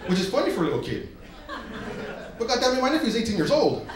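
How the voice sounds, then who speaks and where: A man's voice: extremely high pitch, wildly swooping pitch, quick pace, a crowd in the background. A man doing a stand-up comedy set in a comedy club, crude and brash, acting out characters as he goes. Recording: very echoey live club recording with room noise.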